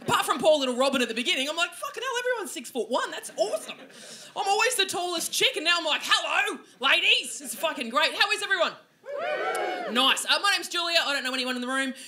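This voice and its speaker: A woman's voice: sits high, lively intonation, fast talker. An Australian woman in her forties doing a brash, sweary stand-up comedy set on a comedy venue stage. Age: 40s. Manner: brash, sweary, loud bursts. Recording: noisy live club with crowd. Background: audience laughter.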